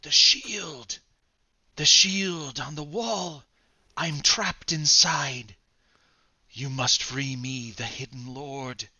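A man putting on the voice of an otherworldly celestial being trapped in an object, speaking slowly in a sweet, deep tone and begging to be freed. The sound is very bright but muffled and lo-fi, in a dry space. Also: slightly rough, no room sound, exaggerated voice. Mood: solemn pleading. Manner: slow, solemn pleading. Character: trapped celestial being, vaguely male, pleading.

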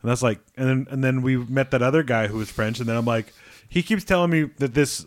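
A man of middle pitch trades crude jokes on a podcast and swears constantly, his stories wandering through restarts. He is recorded close and dry, with no room sound at all. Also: quick pace, no room sound. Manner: swears freely, rambling with restarts. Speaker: podcast co-host. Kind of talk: casual crude banter.

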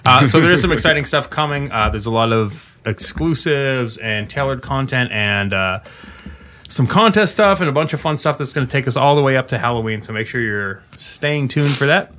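A man's voice: mid-range voice, lively intonation, moderate pace, sharp tone, slight background noise. A man hosting a casual podcast about game updates, chatty and rambling with many fillers, sometimes slipping into a radio-announcer tone. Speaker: game developer podcast host.

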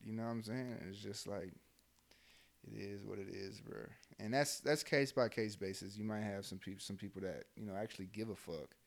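A man's voice: lowish voice, steady tone, normal speed, creaky. A young adult man, a soldier, talking bluntly and heatedly in casual chat, with lots of fillers and swearing. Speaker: army soldier, podcast co-host.

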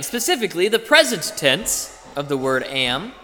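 A man preaches a sermon in a high, bright voice that rises and falls in a lively way. He speaks slowly and deliberately, explaining points carefully. The sound rings with the long reverb of a church hall. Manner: explanatory, deliberate teaching delivery. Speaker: pastor.

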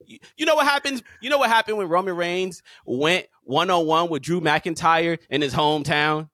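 A man's voice: a little high, normal speed, no room sound, clean studio sound. A man co-hosting a casual podcast, ranting emphatically and repeating his points. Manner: emphatic, lively, rants with repetition. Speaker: podcast co-host.

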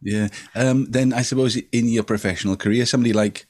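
An older man, a singer-songwriter, reflecting in casual chat, gently rambling with many "you know"s. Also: medium pitch, fairly even intonation, fast talker.

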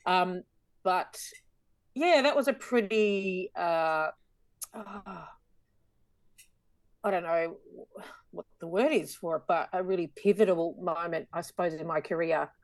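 A woman's voice: lowish voice, measured pace, pauses often, no room sound. An Australian woman in her fifties, a stage performer chatting animatedly as a podcast guest. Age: 50s. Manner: animated, chatty with frequent laughter. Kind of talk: casual podcast conversation.

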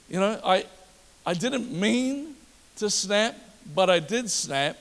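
High-voiced preacher in a reverberant hall. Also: male voice, slow pace, vocal fry. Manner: animated preaching with audience asides. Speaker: pastor. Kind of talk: sermon. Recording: long reverb of a large hall.

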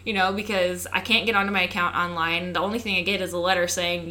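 A woman's voice: lowish voice, steady tone, quick pace, pushed and bright. A young woman co-hosting a podcast, telling a rambling story in casual chat and acting out the people she quotes. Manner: chatty storytelling, acts out quoted exchanges with lots of "like". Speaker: podcast co-host.

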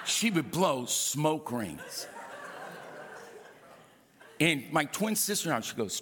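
A man's voice: a little high, extremely slow, long pauses, a crowd in the background. A male pastor preaching a sermon, telling funny stories with asides to the congregation. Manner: animated, humorous storytelling with asides to the congregation. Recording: reverberant hall.

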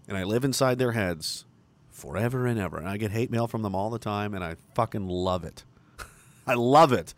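A man's voice: mid-range voice, fairly bright tone, no room sound. A middle-aged Canadian man delivering a combative, profane, mocking monologue. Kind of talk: ranting monologue.

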